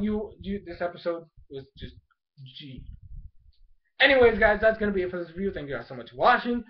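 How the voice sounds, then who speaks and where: A young man recapping an anime episode as a vlogger, gushing with excitement and acting out the characters' lines in bursts. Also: high-pitched, dull audio. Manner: hyped, gushing, acts out quotes in bursts.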